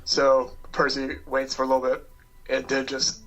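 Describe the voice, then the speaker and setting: A man playing a character in a tabletop role-playing game, thinking aloud in a relaxed way. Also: mid-range voice, moderate pace, low-quality recording. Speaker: player.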